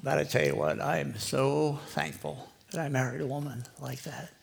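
A man's voice: medium pitch, very animated, normal speed, creaky, husky. An older man giving a rambling, conversational personal testimony to a live audience, heavy with "you know". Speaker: lay preacher giving a testimony.

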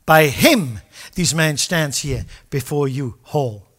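An older man preaching a sermon with passion, moving from quiet asides to loud declarations. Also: a little high, animated, takes it slowly. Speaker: pastor. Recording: long hall reverb.

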